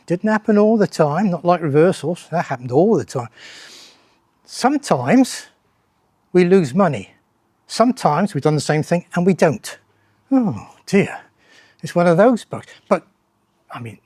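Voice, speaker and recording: A man's voice: fairly high pitch, a little mellow, no echo. An older man, a former lecturer, giving a conference talk with wry, dry humour, rhetorical questions and frequent restarts of his phrases. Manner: stop-start, restarts phrases often. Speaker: speaker at a tech meetup, former lecturer.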